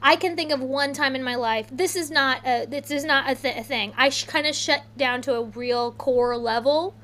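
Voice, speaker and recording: Woman, 30s, bright high voice, chatty anecdote-teller, casual podcast banter. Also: moderate pace. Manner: animated, rambling, many "like"s. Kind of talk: casual storytelling chat.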